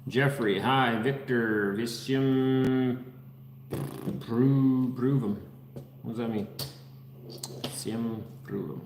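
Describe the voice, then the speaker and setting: A man's voice: medium pitch, steady tone, drawn-out words, pauses often, a little mellow, slight background noise. Easygoing man hosting a livestream, echoey room. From Netherlands. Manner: easygoing, reads viewer names aloud. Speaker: livestream host. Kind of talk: casual chat reading live comments. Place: unfinished house under construction.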